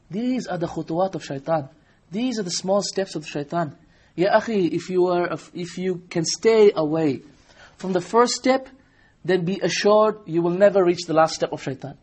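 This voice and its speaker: Husky-voiced man preaching a lively sermon. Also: sits high. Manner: animated storytelling, acting out dialogue. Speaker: Islamic preacher.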